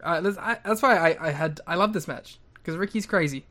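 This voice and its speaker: A man co-hosting a wrestling podcast in casual chat, animated and often laughing, with some swearing. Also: on the high side, a little fast. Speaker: podcast co-host.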